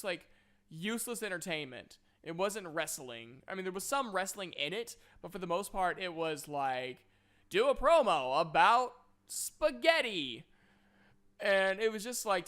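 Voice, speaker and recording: A man's voice: sits high, sharp tone. A man giving a casual, exasperated movie review, talking in scattered bursts packed with "like". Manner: exasperated, scattered, heavy use of "like".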